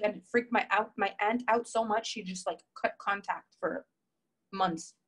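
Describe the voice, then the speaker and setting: A woman's voice: mid-range voice, measured pace, a bit bright, rough recording. A woman coach speaks in a live session, telling a personal story and answering viewer comments. Her emphatic, heartfelt delivery leans on repetition and conversational fillers. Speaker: relationship coach.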